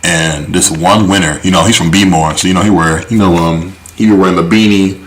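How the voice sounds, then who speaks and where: A man's voice: sits low, fairly even intonation, a little fast, rough recording. A man co-hosting a podcast, telling a story in a laid-back, slangy way with many fillers and chuckles. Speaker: podcast co-host. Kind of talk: casual storytelling chat.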